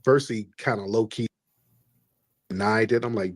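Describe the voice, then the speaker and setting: A man's voice: fairly low pitch, normal speed, long pauses, husky, no echo. A man hosting a call-in livestream, preachy and emphatic, repeating his points. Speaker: livestream host. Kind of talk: combative call-in livestream talk.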